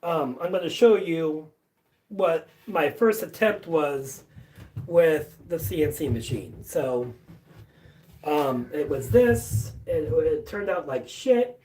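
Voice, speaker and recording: Unhurried, rambling workshop streamer of mid pitch; loose filler-heavy chat, casual cursing, sits back from the mic. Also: lively intonation, darkish tone, recorded from a distance. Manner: rambling, many fillers and restarts, casual swearing. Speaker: livestream host. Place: basement workshop.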